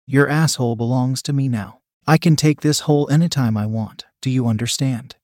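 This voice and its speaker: A man voicing a domineering male lover in a read-aloud erotic story, low and commanding. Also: brisk, darkish tone, no echo, clean studio sound, natural voice.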